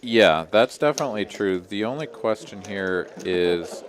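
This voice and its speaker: A man doing live poker commentary in a relaxed, chatty, jokey way. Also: fairly low pitch, a little slow, a crowd in the background.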